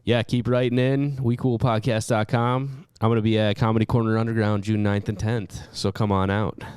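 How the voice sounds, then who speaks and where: A young man co-hosting a comedy podcast, laid-back and quick to laugh, with dry remarks. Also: lowish voice, little pitch movement, a little mellow, clean tone, no echo. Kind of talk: casual chat.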